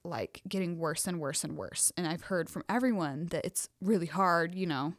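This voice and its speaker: A woman's voice: fairly low pitch, animated, moderate pace, no echo, clean studio sound. A young woman co-hosting a podcast, telling a personal story in casual chat with many fillers and emotion. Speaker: podcast co-host.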